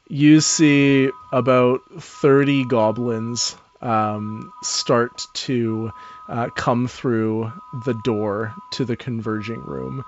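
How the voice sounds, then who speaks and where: A man's voice: medium pitch, flat delivery, extremely slow, lo-fi sound, faint music behind. A man narrating a tabletop game as dungeon master, loose and chatty with fillers, often laughing.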